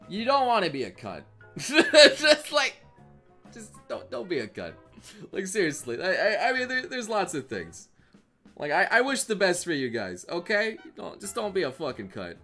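A man from the United States giving excitable livestream reaction commentary, stammering through restarts and swearing crudely. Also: sits high. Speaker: streamer.

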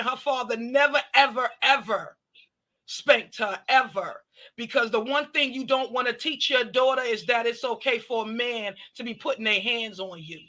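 A woman hosting a casual commentary chat, recounting events and acting out what others said. Her voice sits mid-pitch but rings bright and forceful. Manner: animated retelling, quoting others. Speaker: commentary channel host.

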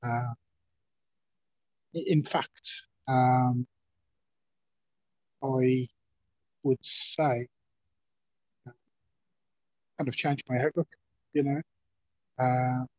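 A man in a meditation course sharing a personal reflection over a video call, earnest and halting, his voice a little hoarse. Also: medium pitch, fairly even intonation, darkish tone, no room sound. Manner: halting, many fillers and restarts, earnest. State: slightly hoarse. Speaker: course participant. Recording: dull, dry lo-fi call audio.

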